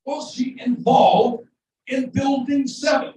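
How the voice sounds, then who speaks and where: Guy putting on a loud ranting talk radio host, high and shouty, echoey room from far off. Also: little pitch movement, slow. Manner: bellowing, mocking rant.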